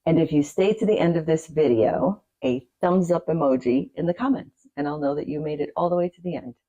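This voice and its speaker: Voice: mid-range voice, expressive, fairly quick, gravelly, mellow, dull audio. Chatty rambling vlogger from the US. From United States. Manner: chatty and rambling, with asides and light laughs. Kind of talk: casual talk to camera.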